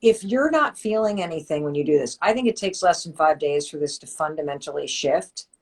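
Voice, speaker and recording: A woman's voice: low voice, lively intonation, a little fast, a little mellow. A woman hosting a live motivational chat, talking in an emphatic, coaching way. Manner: emphatic, coaching, quotes listeners' doubts. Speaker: host. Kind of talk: motivational talk.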